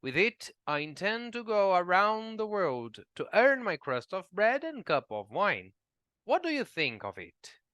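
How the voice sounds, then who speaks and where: Brief: cranky old craftsman, high and springy, quick to flare, as a man puts him on. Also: sing-song, pushed and bright, clear, resonant tone, dry recording, exaggerated voice. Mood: pleading, eager. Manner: indignant, shrill when angry. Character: hot-tempered little old man woodcarver.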